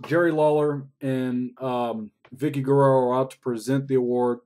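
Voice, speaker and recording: A man's voice: medium pitch, steady tone, moderate pace, mellow. A man recapping a wrestling show in a casual, rambling way, swearing often. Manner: profane, rambling play-by-play.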